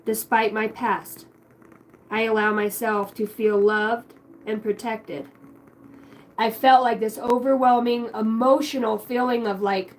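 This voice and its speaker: A woman's voice: a little high, fairly even intonation, a little slow, slight background noise, rough recording. A young woman giving a spiritual card reading, emotional and rambling, swearing casually. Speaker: tarot card reader.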